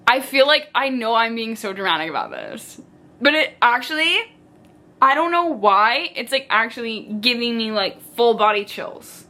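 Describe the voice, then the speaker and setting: A young woman chatting casually as a book vlogger, animated and dramatic, with lots of filler "like"s. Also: on the high side, normal speed. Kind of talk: casual chat.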